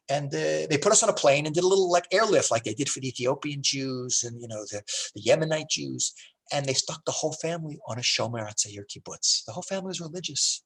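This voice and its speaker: A middle-aged man, a rabbi, lecturing in a synagogue in a conversational way, telling stories with lots of restarts and lively emphasis. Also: on the high side, quick pace, slightly rough. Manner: animated storytelling with many restarts.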